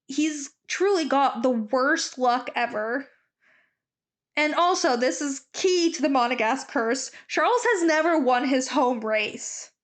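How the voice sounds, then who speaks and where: A woman hosting a podcast in casual chat, gushing and full of "like" fillers. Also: sits high. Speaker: podcast host.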